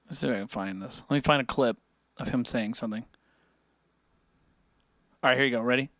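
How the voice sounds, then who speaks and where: A man's voice: mid-range voice, brisk, fairly bright tone, no echo. A man streaming, chatting casually and joking around with lots of laughs. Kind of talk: casual chat.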